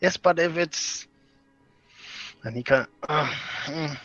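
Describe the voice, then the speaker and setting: A man's voice: fairly high pitch, slow, fairly bright tone, no echo, dull audio, faint music behind. A man playing in character at a tabletop game, hesitant and cautious. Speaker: player. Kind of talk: in-character tabletop role-play.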